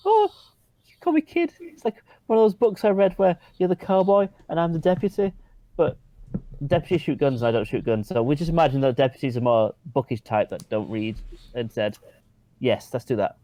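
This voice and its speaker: A man voicing a timid, eager, childlike young male character who stammers and gasps with excitement in a tabletop role-play. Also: a little fast, no room sound, close to an everyday voice. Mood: excited. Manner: excitable, stammering, gasping with high squeals.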